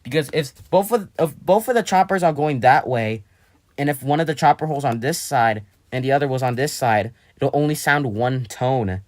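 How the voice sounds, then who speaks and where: A man talks through a hobby project in a loose, rambling way, often restarting sentences and correcting himself. His voice sits at an ordinary middle pitch. He sounds busy with his hands as he explains. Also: moderate pace. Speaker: hobbyist vlogger. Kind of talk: casual explaining.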